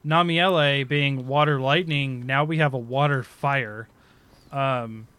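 Bright-voiced man rambling in casual chat. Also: mid-range voice, fairly even intonation, takes it slowly, clean tone, no echo. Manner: rambling, self-correcting, laughs often. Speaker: podcast co-host.

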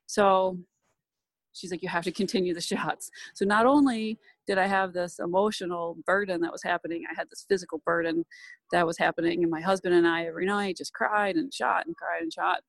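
A woman's voice: fairly low pitch, steady tone, fairly quick, gravelly, no echo, low-quality recording. A woman in her thirties candidly telling a painful personal story, tearful at times, recorded at an airport. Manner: candid, emotional, laughs through tears.

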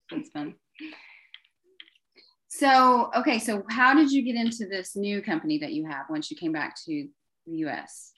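A woman hosting a podcast interview, chatty and quick to laugh. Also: mid-range voice, a bit bright, poor audio. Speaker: podcast host. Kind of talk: casual interview.

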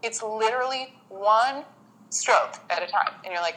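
A woman appears as a guest in a casual interview, emotionally telling her story and acting out what others said in lively fashion. Her voice is on the high side, her pace moderate, and the audio quality is poor.

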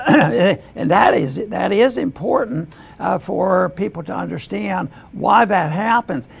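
An older man hosts an economics commentary, speaking haltingly with restarts and throat clearing. His voice sits high and sounds gravelly and husky.

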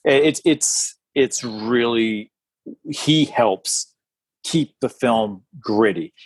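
A man's voice: mid-range voice, very slow, husky, no room sound. A man co-hosting a podcast, chatting casually about films and often restarting his sentences. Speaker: podcast co-host. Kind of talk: casual film discussion.

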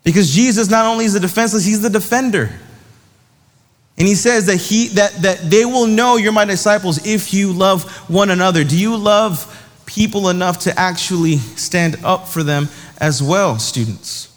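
A young man preaches to students with a slightly high voice. He talks like he is telling a story to friends, full of slang, and acts out the other people's voices. His voice rings with a long reverb, as in a large hall. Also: moderate pace. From South Dakota. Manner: casual storytelling with slang, acting out voices in anecdotes. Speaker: youth pastor. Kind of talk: sermon.

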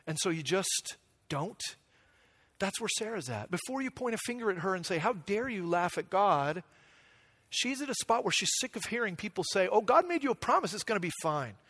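A man's voice: high-pitched, fairly bright tone. A man preaching a conversational sermon, acting out quotes and building in intensity. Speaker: pastor.

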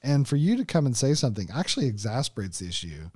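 A man's voice: medium pitch, big pitch swings, quick pace, a little mellow, husky, dry recording, clean studio sound. A man co-hosting a Christian marriage podcast, teaching in a casual, conversational way with frequent "like" and "right?" and many restarts.

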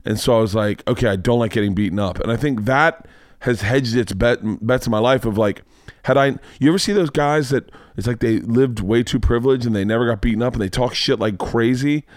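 Podcast host, male, animated profane storyteller, mid-pitched voice, dry close sound. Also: brisk, no echo. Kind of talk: casual storytelling chat.

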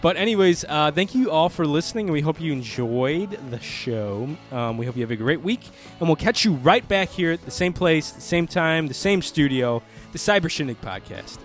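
A man's voice: fairly high pitch, lively intonation, moderate pace, hardly any pauses, soft background music. A young man co-hosting a casual podcast, laughing often and swearing freely. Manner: laughs often, loose and profane. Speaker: podcast co-host.

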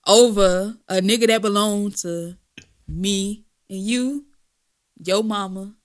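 A woman's voice: mid-range voice, slow. A woman co-hosting a casual gossip podcast, slangy and dramatic, laughing often. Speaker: podcast co-host.

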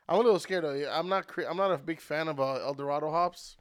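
A man's voice: on the high side, a little fast, clear, resonant tone, no room sound, clean studio sound. A man co-hosting a casual beer-tasting chat, easygoing and chiming in briefly. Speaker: co-host.

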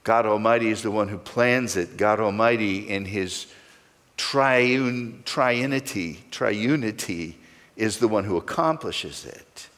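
A man's voice: lowish voice, slow, fairly bright tone, in a large hall. A male pastor preaching a sermon, stressing key words with sweeping rises and falls.

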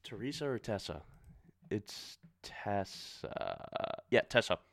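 A man's voice: on the low side, wildly swooping pitch, slow pace, creaky, a bit bright, no room sound, clean studio sound. A man reading fan fiction aloud, breaking off for sarcastic, swearing asides. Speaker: reader.

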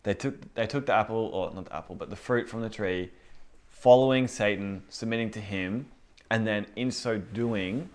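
Low-voiced man preaching conversationally. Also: moderate pace. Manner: informal, rhetorical questions, acts out inner voices. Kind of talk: conversational Bible teaching.

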